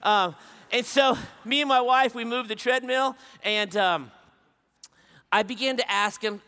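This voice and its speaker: High-voiced, bright male preacher telling a story. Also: measured pace, clear, resonant tone. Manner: dramatic swings between loud exclaiming and hushed narration. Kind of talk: sermon storytelling.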